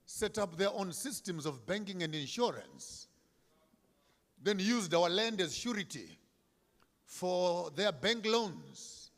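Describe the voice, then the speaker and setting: A man delivers a fiery public speech, repeating key lines and swinging between near-whispers and shouts. His voice sits high and rings bright and forceful. The sound carries the long reverb of a large hall. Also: very animated, slow pace. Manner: declamatory, repetitive emphasis, swinging from hushed to shouted. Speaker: speaker at a commemorative event.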